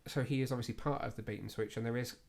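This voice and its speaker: Mid-pitched male podcast co-host, chatty and self-deprecating. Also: steady tone, racing, creaky, a little mellow. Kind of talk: casual chat.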